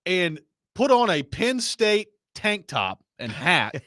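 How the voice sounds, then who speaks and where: Man, sports radio host, fairly high voice, dry close mic, casual animated chat. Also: slow pace, dry recording. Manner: animated storytelling, laughing asides.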